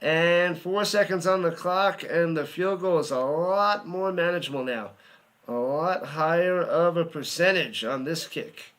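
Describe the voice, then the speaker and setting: A man's voice: a little high, a little slow, fairly bright tone. A man giving live play-by-play commentary, chatty, humming and joking between plays and rising on big ones.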